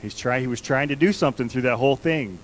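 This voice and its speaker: Speaking fast in a mid-range voice, a man gives a conversational sermon in a church sanctuary, earnestly repeating questions to the congregation. The recording is rough, with slight background noise.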